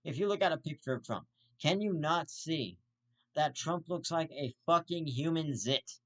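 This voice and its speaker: Lively intonation and a fairly high pitch mark this man's moderately paced delivery. As host of his own program, he offers crude, repetitive rant commentary, returning again and again to a single insult.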